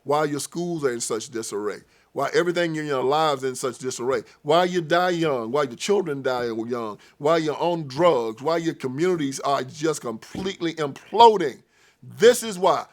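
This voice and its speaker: Guy ranting on his own show, preachy and fiery, kinda high voice, acts out little scenes. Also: lively intonation, normal speed. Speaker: political commentary show host. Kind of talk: impassioned political monologue.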